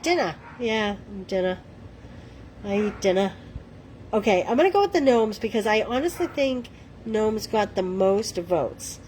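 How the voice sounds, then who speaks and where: A woman's voice: mid-range voice, a little mellow, slight background noise, poor audio. A middle-aged woman with a Boston accent hosting a live crafting demo, chatting to viewers in a self-deprecating way. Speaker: craft livestream host.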